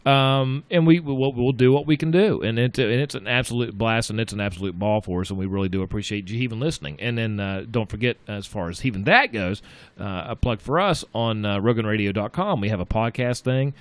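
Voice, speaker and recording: A man's voice: lowish voice, brisk, no room sound. A man hosting a small local radio talk show in casual chat, rambling and repeating himself as he plugs community events.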